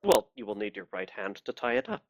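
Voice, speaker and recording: A man voicing a cold, formal inquisitor in a tabletop game, calm and menacing. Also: on the low side, fairly quick, dry recording, highs cut off, pitched below the performer's own voice. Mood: coldly polite. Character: cold, polite male inquisitor.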